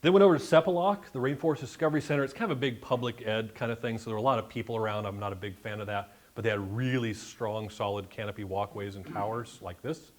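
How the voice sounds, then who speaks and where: He talks fast in a lowish voice with hardly any pauses. As guest presenter at a bird club meeting, he entertains a live audience in a meeting room with a jokey slide-show account of a birding trip, dotted with chatty asides.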